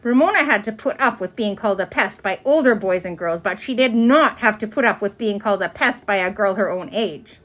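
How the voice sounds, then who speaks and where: A woman reading a children's storybook aloud in an expressive way. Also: fairly quick, few pauses. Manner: expressive, with many pitch swings. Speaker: reader.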